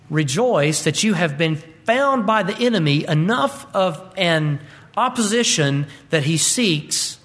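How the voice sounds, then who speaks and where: A man preaching a sermon, swinging between slow emphatic lines and quick bursts. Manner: animated preaching, swinging pitch and pace.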